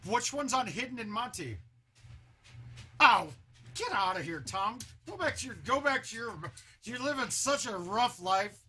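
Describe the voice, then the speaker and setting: A man's voice: very high-pitched, animated, unhurried, bright, forceful tone, slightly rough. A man chatting casually on a home live stream, loose and talkative, with a sore throat.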